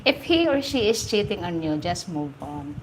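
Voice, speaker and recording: A woman's voice: fairly low pitch, sing-song, normal speed, a little hiss or hum, rough recording. A woman with a Filipino accent hosting a casual live stream, reading out viewer comments, teasing and laughing often as she repeats her phrases. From Philippines. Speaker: livestream host.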